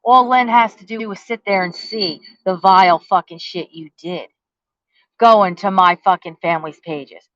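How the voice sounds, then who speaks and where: A woman's voice: medium pitch, normal speed, a bit bright, dry recording, dull audio. A woman, delivering a profane, confrontational rant, taunting with rhetorical questions and heavy cursing. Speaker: vlogger. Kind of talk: angry rant to the camera.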